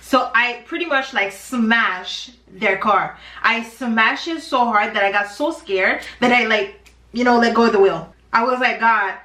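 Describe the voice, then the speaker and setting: A woman's voice: on the high side, a little slow, pushed and bright. A woman in her twenties telling a dramatic storytime in a chatty, slangy way while doing her makeup. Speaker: beauty vlogger. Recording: roomy, distant from mic.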